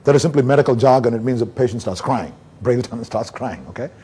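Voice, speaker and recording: A man's voice: mid-range voice, quick pace, breathy edge. A man from India giving a neurology conference lecture, telling case stories and acting out his talks with patients. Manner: animated storyteller, acts out doctor-patient dialogue.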